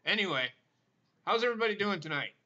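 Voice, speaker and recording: High-voiced, profane male livestream host. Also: lively intonation, fast talker, pushed and bright. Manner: profane, joking banter. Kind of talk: casual livestream chat. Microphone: video call. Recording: muffled video call audio with faint hiss.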